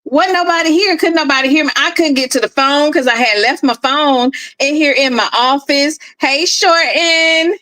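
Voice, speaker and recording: A high, bright-voiced woman tells a story in casual chat. She is animated and laughs often, calling her listeners "girl". She is a middle-aged host talking from her home office. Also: normal speed, few pauses, low-quality recording. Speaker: podcast host.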